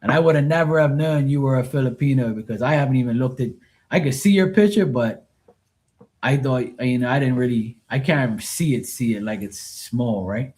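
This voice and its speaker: A man's voice: medium pitch, normal speed, darkish tone. A man chatting casually on a live tarot stream, rambling and swearing freely. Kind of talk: casual livestream chat.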